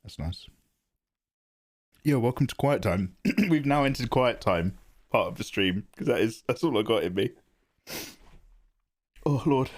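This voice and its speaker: A man's voice: mid-range voice, expressive, a little slow, long pauses. A man chatting casually with viewers while drawing on a livestream from his home setup. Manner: chatty, chats with viewers in the chat. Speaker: art streamer.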